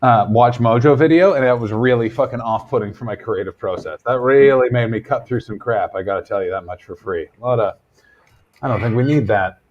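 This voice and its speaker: A man's voice: medium pitch, a little fast, a little mellow, dull audio, slight background noise. A man co-hosting a stream as a comedian, chatting casually in a loose, rambling, profane way. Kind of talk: casual chat.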